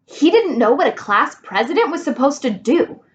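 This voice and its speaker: A woman reads a children's storybook aloud in a clear, expressive way. Her voice is high and swings widely. The recording is a little muffled, with faint noise behind her. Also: normal speed. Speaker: reader.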